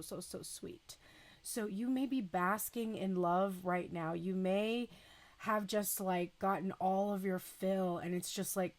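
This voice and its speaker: A woman giving a relaxed, chatty tarot reading, unhurried and full of small asides. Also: mid-range voice. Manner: chatty and unhurried, with fillers and self-talk. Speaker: tarot reader. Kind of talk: casual spoken tarot reading.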